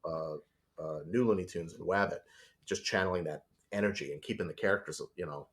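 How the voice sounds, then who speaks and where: A man speaking as a storyboard artist guest in a casual interview, telling stories in an animated way and acting out voices. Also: deep voice, a little fast.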